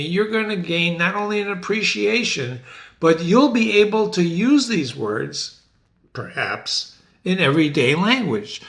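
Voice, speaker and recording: A middle-aged man teaches classic literature to the camera in a theatrical, enthusiastic way. He often calls his viewers ladies and gentlemen. His voice sits high, swings up and down, and has a bright, forceful edge. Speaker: literature teacher and website host.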